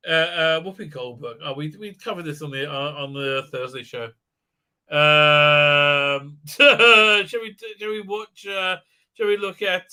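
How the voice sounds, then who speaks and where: Man, middle-aged, stream host, rambling and profane, bright cutting tone. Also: fairly high pitch. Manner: sarcastic, profane, full of fillers and restarts. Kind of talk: rambling live-stream commentary.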